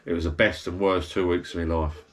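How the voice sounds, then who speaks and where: Deep-voiced bloke rambling. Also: male voice, steady tone, a little fast. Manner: chatty, meandering, blokey storytelling with self-corrections. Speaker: vlogger. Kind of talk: rambling anecdotal monologue to camera. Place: backyard garden bar shed.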